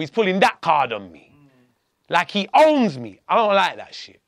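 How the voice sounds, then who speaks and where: Male podcast guest, casual profane storyteller, acts out the dialogue, high gravelly voice. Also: huge pitch swings, moderate pace, no echo, clean studio sound.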